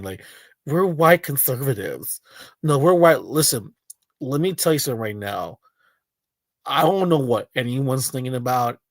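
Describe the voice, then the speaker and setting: A man's voice: medium pitch, dry recording. A man streaming live, reacting to a video with crude, rambling commentary full of fillers. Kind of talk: casual livestream commentary.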